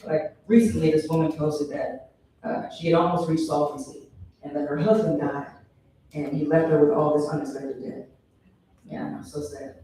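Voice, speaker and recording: A man performing a stand-up set, breaking into shrill high mock voices when he quotes people. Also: steady tone, moderate pace, warm tone, a little hiss or hum. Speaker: stand-up comedian. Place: comedy venue stage. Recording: very echoey hall from a distance.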